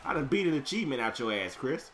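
A man's voice: medium pitch, sing-song, fast, slight background noise. A man commentating his own video game match, brash and profane, trash-talking his opponent in casual chat. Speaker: gameplay commentator.

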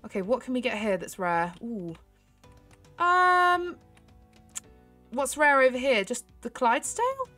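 A young woman chatting excitedly to her viewers while she plays a horse game, giggling often. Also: sits high, a little slow, pauses often, faint music behind. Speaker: gaming YouTuber. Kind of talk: casual gameplay commentary.

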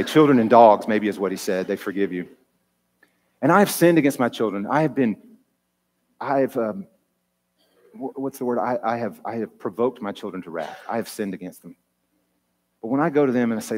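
Earnest pastor preaching in a reverberant church. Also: male voice, medium pitch, a little mellow. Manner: personal, earnest preaching with rising emotional peaks. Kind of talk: sermon. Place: church sanctuary. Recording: long church hall reverb.

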